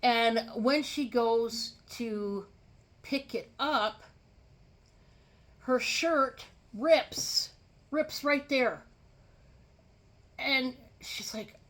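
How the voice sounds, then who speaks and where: A woman's voice: a little high, a bit bright. A woman casually telling a story to her viewers, chatty, with many fillers. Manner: chatty and drawn-out, lots of fillers. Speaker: storyteller vlogger.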